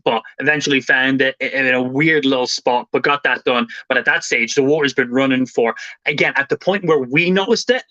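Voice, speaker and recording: A young Irish man streaming live, telling a story in a fast, animated way and swearing casually. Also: mid-range voice, no room sound, lo-fi sound.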